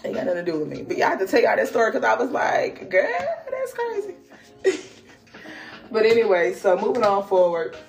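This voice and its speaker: A young woman with a medium-pitched, creaky voice talks a little fast while hosting a spiritual podcast. She relates a dream with animated laughter, slang, and frequent exclamations, then does a card reading.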